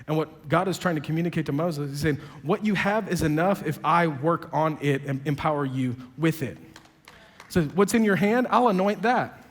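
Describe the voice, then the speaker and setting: A high-voiced man preaching in a large hall, his words trailing off in long reverb. He tells dialogue in a conversational way, with a sarcastic edge, and climbs to loud, emphatic peaks. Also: normal speed. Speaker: pastor. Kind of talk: sermon.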